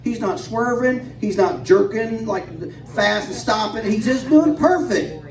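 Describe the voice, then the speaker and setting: Excitable, profane comedian in a pub. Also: male voice, sits high, unhurried. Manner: profane, excitable, laughing storyteller. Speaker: stand-up comedian. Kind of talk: stand-up storytelling. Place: pub stage, live show. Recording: echoey pub room, distant mic.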